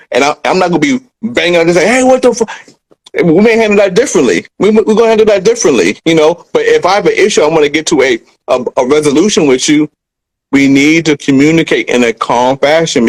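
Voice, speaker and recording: Measured man co-hosting. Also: fairly high pitch, rough recording. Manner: measured, explanatory.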